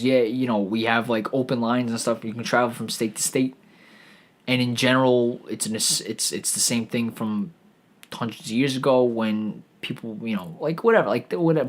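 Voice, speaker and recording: A man holds forth alone on his podcast, talking in loose, profane tangents. He stumbles over his words and restarts his sentences again and again as he goes. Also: medium pitch. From New York. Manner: rambling, profane, lots of restarts and stammering. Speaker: podcast host. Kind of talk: rambling profane monologue.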